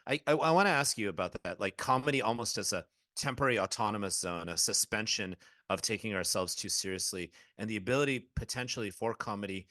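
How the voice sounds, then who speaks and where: A low-voiced man hosts a podcast interview. He frames his questions in a thoughtful, measured way. The recording is close and dry. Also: pushed and bright, dry recording. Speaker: podcast host.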